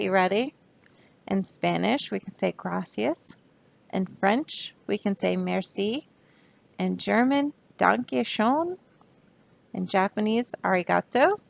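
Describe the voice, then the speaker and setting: A woman's voice: mid-range voice, gravelly. A young adult woman reading a picture book aloud to children, stopping to explain the pages in a chatty, easygoing way. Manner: explaining, chatty asides, soft laughs. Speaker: storybook reader.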